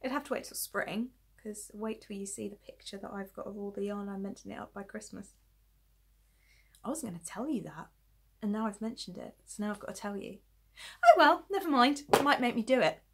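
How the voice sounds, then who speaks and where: A woman hosts a knitting podcast from home late in the evening. She sounds tired and yawns often, but she keeps rambling cheerfully about her knitting and pokes fun at herself. Her voice sits at a middling pitch for a woman. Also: brisk, vocal fry, slightly rough. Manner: chatty and rambling, self-deprecating, giggly. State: tired, yawning late at night. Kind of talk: casual chat showing knitting to camera.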